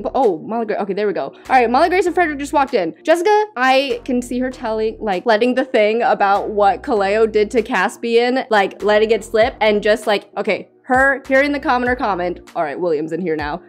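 A young woman giving casual, excitable commentary while playing a life-sim game, chatty and full of "like" asides. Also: high-pitched. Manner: chatty, excitable, says "like" a lot, bursts of laughter. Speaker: game streamer. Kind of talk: casual let's-play commentary. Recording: faint music behind.

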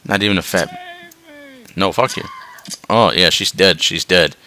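A man swearing his way through a game, dropping to tired mutters and then yelling in excitement. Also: sits low, measured pace, slight background noise. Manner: swearing, swinging between mutters and yelps. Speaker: gameplay commentator. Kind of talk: profane let's-play commentary.

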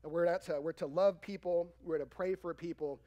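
A man's voice: fairly high pitch, fairly even intonation, a little fast, dark tone, dull audio. A male pastor preaching a sermon in a church, talking conversationally, asking the congregation questions and acting out quoted dialogue. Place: church sanctuary.

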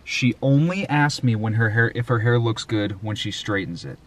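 A man hosting a vlog in a casual, profane rant, excitable and jumping between loud outbursts and muttered asides. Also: lowish voice, normal speed. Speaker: vlog host.

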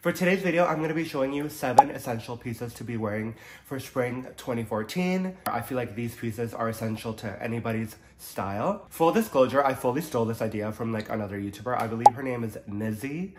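A man's voice: mid-range voice, brisk, few pauses. Young guy vlogging, kinda nasal and stuffy from allergies, says like a lot, bit of background hiss. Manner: chatty, many "like" fillers, upbeat. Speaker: fashion vlogger. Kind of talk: casual chat to camera. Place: Toronto.

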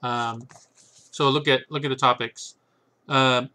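A man's voice: medium pitch, steady tone, unhurried, bright, forceful tone. A man talking casually and rambling about his books, tossing in sarcastic asides and frequent "right?" checks. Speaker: chess book reviewer. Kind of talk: casual solo talk.

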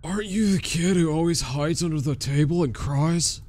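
Sneering boy bully, a man reading the lines, slow and taunting, pitched a touch up. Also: a little mellow, natural voice. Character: mocking young male bully taunting a crying kid.

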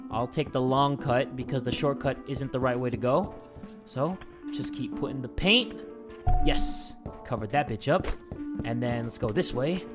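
A man commentating a video game he is playing, excitable, swearing often and breaking into shouts. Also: mid-range voice. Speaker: gaming YouTuber. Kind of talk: let's-play commentary. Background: game music.

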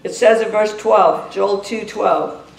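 A woman preacher delivering a fervent sermon, pressing her story of an altar call into loud, urgent prayer. Her voice sits at a middle pitch and carries through a roomy church. She is heard from some distance off the mic. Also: takes it slowly, vocal fry. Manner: fervent, building to a shouted prayer. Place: church sanctuary.

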